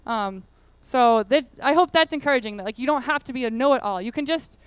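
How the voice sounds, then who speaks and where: A high-pitched woman gives a relaxed talk to a conference crowd. She rambles in a friendly way, stacking fillers as she goes. Her voice comes through crisp and clean with almost no room sound. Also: fairly quick, dry recording. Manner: chatty, many fillers and "like"s. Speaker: conference speaker.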